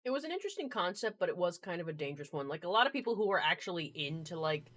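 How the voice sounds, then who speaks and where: A woman hosting a casual podcast chat, animated and swearing freely with lots of fillers. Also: fairly low pitch, racing. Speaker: podcast host.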